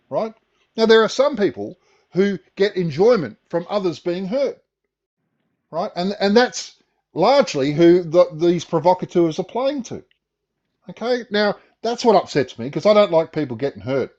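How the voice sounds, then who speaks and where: A man's voice: high voice, darkish tone, highs cut off. A man on a live stream panel debate, arguing emphatically and profanely and checking in with the listener. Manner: emphatic and profane, keeps asking "right?".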